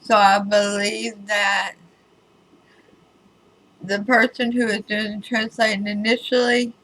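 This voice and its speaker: A woman's voice: medium pitch, little pitch movement, takes it slowly, fairly bright tone, rough recording. A woman tarot reader talking casually to her viewers, chatty and emphatic with wry asides. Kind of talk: casual spoken tarot reading video.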